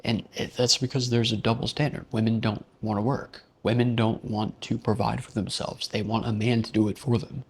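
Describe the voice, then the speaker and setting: Gravelly man ranting bluntly. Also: on the low side, level tone, normal speed, few pauses. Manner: blunt, profane, rambling. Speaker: vlog host. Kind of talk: casual rant monologue.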